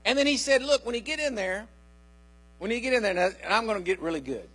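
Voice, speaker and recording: A man's voice: high voice, lively intonation, fast, a bit bright, husky. An older man, a pastor, preaching a sermon in a folksy storytelling way and calling out to his listeners.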